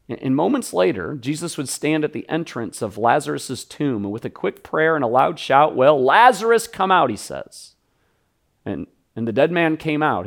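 Animated man preaching a sermon. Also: medium pitch. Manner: animated, repeats words in quick restarts; acts out the people in the story. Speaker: pastor.

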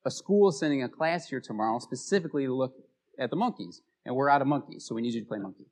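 A man's voice: medium pitch, lively intonation, fast, darkish tone, natural voice. A man voicing pushy zoo staff who coax a man into taking an odd job. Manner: coaxing, insistent.

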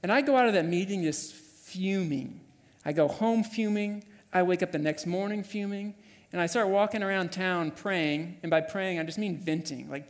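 Male pastor, higher voice, storytelling sermon, animated, echoing church hall. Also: moderate pace. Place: church sanctuary.

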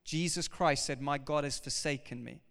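A man preaching with an animated, emphatic delivery, his voice pitched a little high for a man and smooth and resonant. His words ring out with a long reverb from a large hall. He talks directly to the congregation as he goes. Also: normal speed. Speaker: pastor. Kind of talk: sermon.

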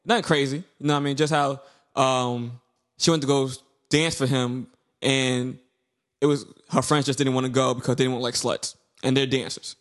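A man's voice: mid-range voice, moderate pace. A young man, co-hosting a casual podcast chat, telling stories with slang and acted-out quotes. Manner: animated storyteller, slangy, acts out quotes. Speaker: podcast co-host.

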